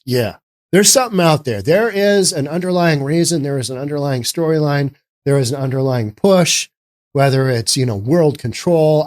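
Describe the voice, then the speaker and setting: Man, casual commentary, sarcastic, rambling, a bit high-pitched.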